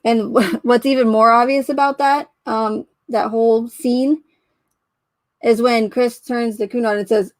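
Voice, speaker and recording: A woman's voice: a little high, steady tone, measured pace, darkish tone, no echo. A woman giving casual commentary on a criminal case, skeptical and questioning as she picks apart details, often trailing off and restarting. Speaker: true crime commentator.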